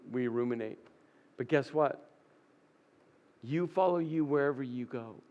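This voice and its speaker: A man preaching a sermon as pastor, dramatic and often dropping to a soft, hushed voice. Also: mid-range voice, muffled recording. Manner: dramatic, drops to soft near-whisper.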